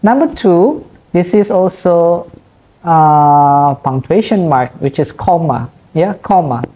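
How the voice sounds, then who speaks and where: A woman lecturer with an Indonesian accent, explaining punctuation in a recorded online class and repeating each example slowly. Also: lowish voice, expressive, mellow.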